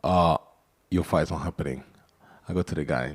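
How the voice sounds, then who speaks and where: A man, a boxer being interviewed, joking and telling animated stories with frequent laughter. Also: very deep voice, moderate pace, husky. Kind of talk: casual interview banter.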